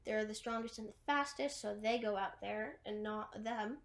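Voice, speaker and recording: A woman's voice: medium pitch, normal speed. A woman casually retelling a movie's plot, rambling with lots of fillers and restarts. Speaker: movie recapper.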